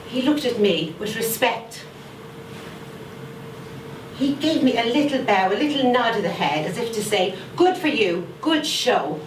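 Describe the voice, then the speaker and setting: A woman's voice: medium pitch, close to an everyday voice. A woman playing a fierce old grandmother. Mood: recounting. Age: older. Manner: dramatic storytelling with slow emphatic repetition. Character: fierce widowed grandmother guarding the garden cats. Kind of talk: theatre monologue. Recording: echoey room, far from mic, faint noise.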